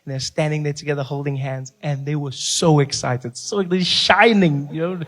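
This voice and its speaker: A man performing a stand-up comedy set, telling a story with animated delivery and put-on voices. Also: a little high, moderate pace.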